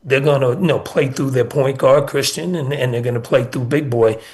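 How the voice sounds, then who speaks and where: A man's voice: medium pitch, fairly quick, darkish tone. A middle-aged man, a college basketball coach, telling stories as a guest in a casual radio interview and often repeating words.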